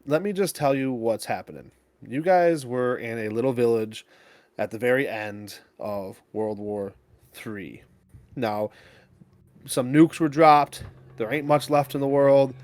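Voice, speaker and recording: Relaxed man running a tabletop game. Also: mid-range voice, measured pace, no echo. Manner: relaxed, conversational, many fillers. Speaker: game master. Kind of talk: explaining rules and setting.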